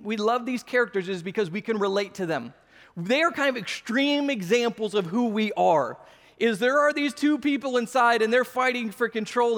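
A man in his thirties preaching a sermon, telling personal stories with animated, self-mocking humor. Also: high-pitched. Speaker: pastor. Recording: long reverb of a large hall.

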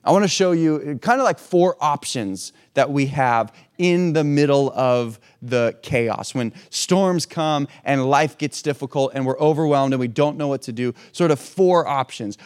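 A man's voice: fairly high pitch, measured pace, hardly any pauses, darkish tone, smooth. A man preaching a sermon in a conversational way, asking rhetorical questions and restarting his phrases. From hurricane-prone region. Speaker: pastor.

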